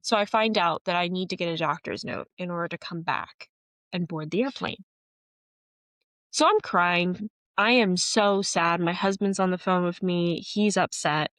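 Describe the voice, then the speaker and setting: Earnest woman podcaster, lowish voice. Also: moderate pace, a bit bright, no room sound. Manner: earnest, emotional and candid. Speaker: podcast host. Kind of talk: personal storytelling monologue.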